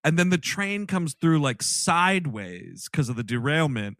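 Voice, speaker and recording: Animated riffing male podcast host. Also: a little high, unhurried, no echo, clean studio sound. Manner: animated, riffing, laughs often. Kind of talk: casual comedy chat.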